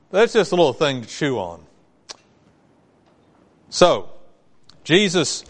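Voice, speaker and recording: A man's voice: fairly high pitch, in a large hall. A male pastor delivering a sermon in a conversational way, asking his congregation rhetorical questions.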